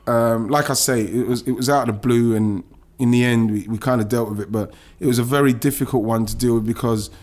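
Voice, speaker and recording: A middle-aged man from England tells a personal story as a podcast guest. He speaks in animated bursts, swears freely and breaks into halting restarts when the memory hurts. His pitch sits in the middle. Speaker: guest, former footballer.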